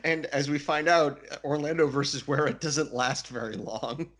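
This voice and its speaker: A man's voice: on the high side, normal speed. A man co-hosting a podcast in casual chat, joking and laughing often as he talks through the story. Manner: laughs often, lively and jokey. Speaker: podcast co-host.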